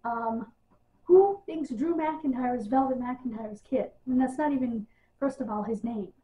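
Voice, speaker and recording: A woman's voice: sits high, measured pace, dark tone. A woman giving a casual, exasperated wrestling news rant, sarcastic and full of ums. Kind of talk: casual ranting monologue. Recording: tinny phone-like audio.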